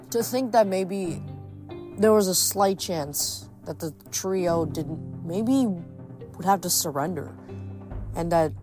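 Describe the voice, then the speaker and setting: A woman reading a novel aloud and adding rambling, expressive commentary between chapters. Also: fairly low pitch. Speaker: audiobook reader.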